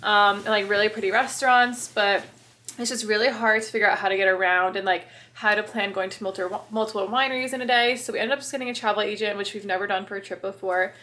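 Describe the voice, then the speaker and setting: A woman's voice: mid-range voice, fairly even intonation, fast, sharp tone. A woman vlogging in a chatty, bubbly way and laughing often, filming on a handheld phone while travelling. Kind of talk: casual vlog chat. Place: outdoors and indoors while travelling. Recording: noisy handheld travel footage.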